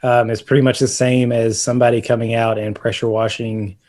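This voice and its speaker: A man's voice: medium pitch, flat delivery, fairly quick, darkish tone. A man co-hosting a casual home-repair podcast, explaining things at length with plenty of fillers and restarts. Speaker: podcast co-host. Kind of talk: casual chat about roofing.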